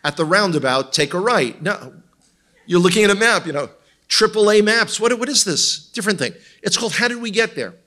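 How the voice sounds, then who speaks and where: A man's voice: high-pitched, expressive, a little fast, sharp tone. Wry, joking man with an Israeli accent. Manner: joking, wry asides, teases the audience. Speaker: tour guide and guest speaker. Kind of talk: humorous teaching talk with slides. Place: church congregation in front of an audience.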